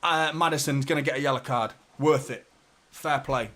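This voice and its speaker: Lad reacting live to a match, swears loads, mutters nervously then yells when they score. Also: male voice, medium pitch, normal speed. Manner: swearing, swings from anxious mutters to shouted celebration. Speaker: football watchalong host.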